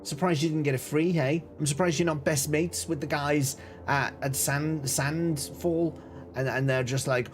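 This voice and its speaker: A man's voice: on the high side, fairly even intonation, moderate pace, a little hiss or hum. Chatty, jokey male game streamer. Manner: chatty, jokey, greets viewers and reacts to chat. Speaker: gaming streamer. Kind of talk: casual live-stream chat.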